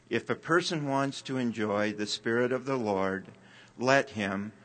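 A man delivers a sermon in a slow, deliberate way. His voice sits at a middling pitch. He reads scripture and quoted stories earnestly. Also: fairly bright tone. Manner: measured, earnest reading with quoted passages. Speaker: church speaker.

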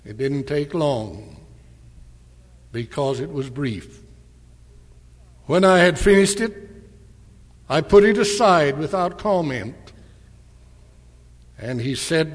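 A man giving a storytelling address at church, slowly and deliberately retelling a conversation. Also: a little high, lively intonation. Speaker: church speaker. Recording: long hall reverb.

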